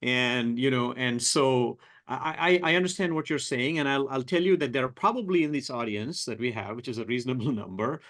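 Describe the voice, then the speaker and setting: A man's voice: mid-range voice, a little fast, hardly any pauses, a bit bright. A man moderating a webinar panel discussion, asking provocative questions in a rambling way and often repeating words as he thinks.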